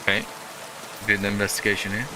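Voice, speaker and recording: Low-voiced man rambling over gameplay. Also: completely flat delivery, fast talker, noisy background. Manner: rambling, full of fillers and restarts. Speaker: gaming channel host. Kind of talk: casual gameplay commentary.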